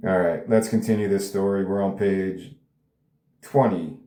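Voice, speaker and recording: Casual male writer reading his script; low, mellow voice, echoey room. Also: steady tone, measured pace. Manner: rambling, casual, swears. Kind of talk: table read with commentary. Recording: roomy echo.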